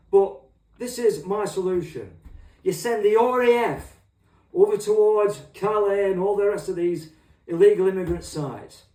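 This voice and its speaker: In an echoey room and well off-mic, a middle-aged comic monologue host launches into a meandering, crude, swear-laden rant. His voice sits high and has a warm tone.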